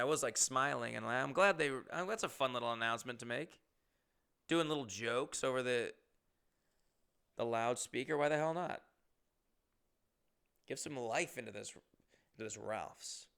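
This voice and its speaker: A man's voice: medium pitch, moderate pace, creaky, pauses often, bright, forceful tone, clear, resonant tone. A young man hosting a comedy podcast, telling stories casually, rambling and profane, and often interrupting himself.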